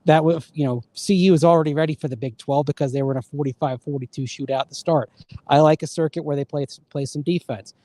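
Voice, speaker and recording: A man's voice: fairly high pitch, fairly even intonation, fast, mellow, no room sound. A man co-hosting a casual sports radio show. He rambles and restarts his sentences often.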